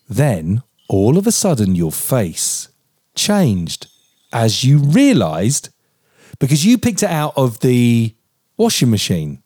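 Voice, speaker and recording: A man in his forties co-hosting a podcast, telling a story in animated, mock-outraged casual chat and swearing freely. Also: mid-range voice, slow pace, pauses often, breathy edge, no room sound, clean studio sound. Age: 40s. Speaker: podcast co-host.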